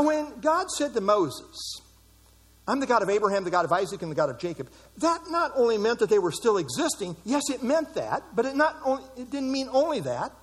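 A middle-aged man preaching a sermon, emphatic, with dramatic pauses. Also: very high voice, very animated, slightly rough. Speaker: pastor.

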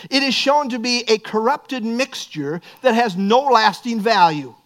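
High-voiced earnest male preacher. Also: unhurried, fairly bright tone. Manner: earnest preaching, rising to emphatic bursts. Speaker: pastor. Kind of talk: sermon.

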